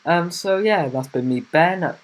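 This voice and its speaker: Chatty young man with a higher voice. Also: unhurried. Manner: rambling, chatty, many fillers. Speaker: car reviewer. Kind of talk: casual car review vlog.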